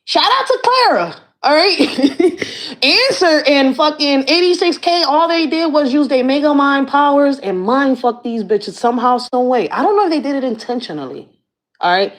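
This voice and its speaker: A woman with a high-sitting voice speaks at a normal speed. She's a community activist who hosts her own channel, and here she rants casually at the camera in blunt, profane slang.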